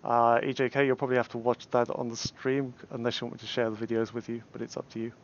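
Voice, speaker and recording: A man's voice: mid-range voice, flat delivery, fast talker, muffled recording, a little hiss or hum. A man with an English accent casting a game tournament casually, hesitant, with many fillers and restarts. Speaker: tournament caster.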